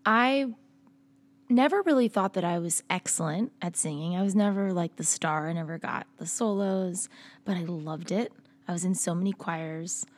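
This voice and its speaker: A woman from Massachusetts, a musician appearing as a guest, tells her story casually in a podcast interview. Her voice is lowish and moderately paced, and she's chatty and laughs often.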